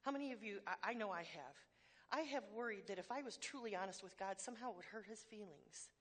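A woman's voice: medium pitch, fast talker. A woman preaching a sermon to a congregation in a church hall, candid and emphatic, with self-deprecating humor and repeated words for stress.

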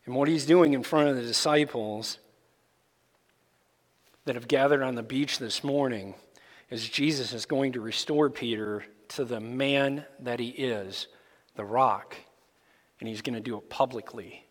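A man preaching a sermon as pastor, explaining scripture in a deliberate, emphatic way. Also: medium pitch. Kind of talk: expository sermon. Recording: long reverb in a large hall.

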